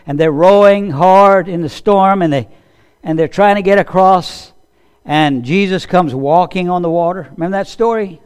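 A pastor preaching with a slightly high voice. He is conversational and tells his stories vividly. He keeps turning to the listeners with questions. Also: normal speed, smooth. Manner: animated storytelling that acts out quoted voices. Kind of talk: sermon.

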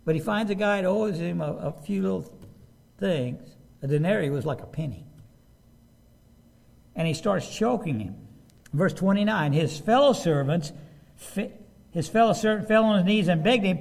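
A man's voice: sits high, animated, normal speed, gravelly, long pauses, darkish tone. A man preaching a sermon, reading scripture aloud and stopping to ask his listeners emphatic rhetorical questions. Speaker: pastor.

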